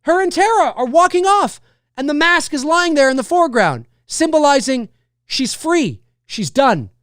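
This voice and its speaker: A man hosts a casual livestream, rambling animatedly about a film and reading and answering viewer comments, full of restarts and fillers. His voice is high. The audio is studio quality with no room sound.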